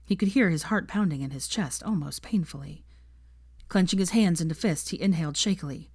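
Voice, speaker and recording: A woman narrating fan fiction aloud in a steady, expressive storytelling manner. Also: on the low side, a little fast, husky, no echo, studio quality.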